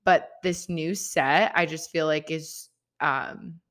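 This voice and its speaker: Chatty young woman podcasting solo, lowish voice. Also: steady tone, takes it slowly, fairly bright tone. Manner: rambling, chatty, full of "like" fillers. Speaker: podcast host. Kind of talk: casual solo podcast chat.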